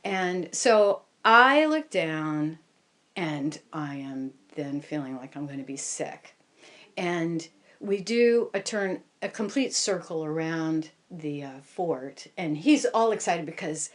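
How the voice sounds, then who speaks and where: Lively, unhurried woman storyteller. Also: lowish voice. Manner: animated, self-deprecating, laughing through the telling. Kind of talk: first-person live storytelling.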